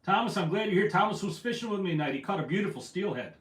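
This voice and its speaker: A man's voice: high-pitched, expressive, rapid-fire, fairly bright tone. Chatty man hosting a fishing livestream. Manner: chatty, rambling, self-deprecating. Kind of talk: casual livestream chat reading comments. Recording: echoey room, voice from afar.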